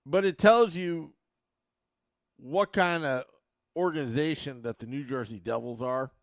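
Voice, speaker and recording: A man's voice: fairly high pitch, measured pace, dry recording, studio quality. A man hosting a sports podcast, talking casually and animatedly to his listeners. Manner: animated, mocks fans with a put-on accent. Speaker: podcast host.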